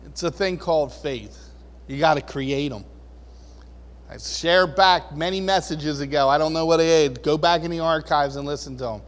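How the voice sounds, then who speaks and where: A high-pitched man gives a relaxed, chatty sermon in a church hall with a long echo. He chuckles often and acts out the voices he quotes. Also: moderate pace. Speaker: pastor. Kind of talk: casual sermon. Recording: long reverb of a large hall.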